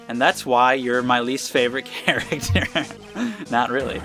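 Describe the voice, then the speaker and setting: A man's voice: mid-range voice, moderate pace, pushed and bright, faint music behind. A man giving casual gameplay commentary with crude, joking asides. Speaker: let's player.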